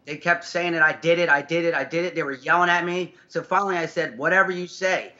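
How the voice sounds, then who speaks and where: A man's voice: on the high side, fairly even intonation, quick pace, pushed and bright. A man answering questions over a conference call, hesitant and rambling as he defends himself. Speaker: guest on a video call. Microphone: conference call line. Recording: dull video-call audio.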